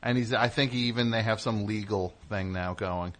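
A man hosting a comedic call-in show, teasing guests and callers with rapid-fire riffs. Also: fairly low pitch, fairly bright tone. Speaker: radio show host.

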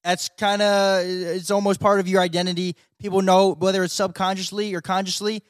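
A man's voice: high voice, little pitch movement, fairly quick, dry recording, clean studio sound. Laid-back young man on a podcast. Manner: laid-back, teasing, chimes in with jokes. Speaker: podcast co-host. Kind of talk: casual chat.

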